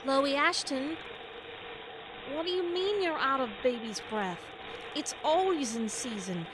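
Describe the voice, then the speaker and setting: A woman's voice: high-pitched, lively intonation, a little slow, noisy background. A woman playing a frazzled, harried bride-to-be juggling phone calls and errands. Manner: harried and businesslike. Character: frazzled busy bride-to-be assistant.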